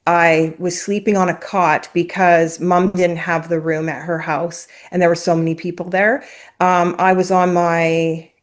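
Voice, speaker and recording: A woman telling a personal story as an interview guest, in a conversational, emotional way, sometimes close to tears. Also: on the low side. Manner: emotional, tearful at times, apologetic; conversational, uses fillers like "like" and "um".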